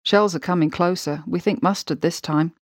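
A woman reading the part of a younger ambulance assistant giving a hurried warning. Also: lowish voice, no room sound, clean studio sound, lightly acted. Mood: urgent.

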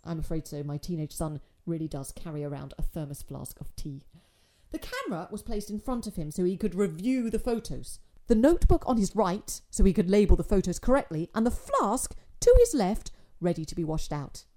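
A woman's voice: lowish voice, expressive, normal speed, dark tone. A woman narrating a story in a dry, wry storytelling manner.

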